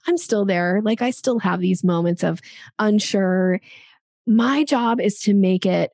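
A woman's voice: mid-range voice, unhurried, creaky, darkish tone, no room sound, studio quality. A woman sales coach giving emphatic conversational advice on an interview, acting out examples of tone.

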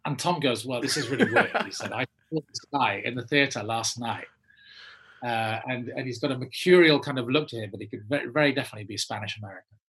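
An English man, an actor, telling a long anecdote and acting out the people he quotes in lively voices. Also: medium pitch, quick pace, breathy edge. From England. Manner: animated, acts out quoted people in changing voices. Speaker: actor, guest. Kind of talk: anecdotal storytelling.

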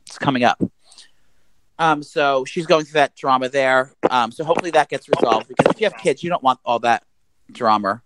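Fast-talking gossipy man. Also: medium pitch, no room sound, low-quality recording. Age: around 40. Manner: gossipy, animated storytelling with swearing. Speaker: podcast co-host. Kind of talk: casual chat.

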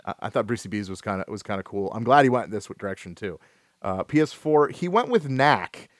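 A man hosting a casual gaming podcast, who talks in a halting, rambling way with many restarts and fillers. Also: on the low side, animated, dry recording, studio quality. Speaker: podcast host.

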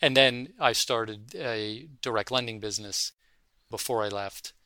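A man, a fund manager, speaking from his office in an interview, telling his career story in an animated way and acting out the voices in his anecdotes. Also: fairly low pitch, unhurried, no room sound. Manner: animated anecdotal storyteller, acts out quoted dialogue.

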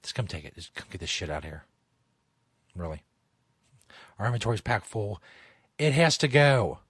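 A man's voice: fairly low pitch, very animated, normal speed, fairly bright tone, husky, no echo. A man hosting a comedic talk show from a studio, rambling, jokey and profane. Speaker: host.

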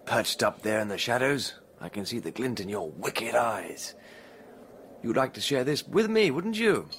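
A man's voice: mid-range voice, very animated, a little slow, fairly bright tone, slight background noise. An actor playing a nervous young male scholar alone at night, talking to himself and easily spooked. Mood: wry.

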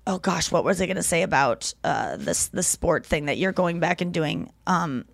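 A woman's voice: lowish voice, normal speed, vocal fry, no echo. Woman podcast host, chatty storyteller, dry close sound, voices her quotes. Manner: animated storyteller, acts out quotes; swears freely. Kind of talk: casual chat.

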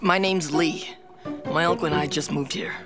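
An actor voicing a guarded, touchy teenage prince in a cartoon, evasive and quick to snap. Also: male voice, a little high, steady tone, close to an everyday voice. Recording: cartoon clip with music under it.

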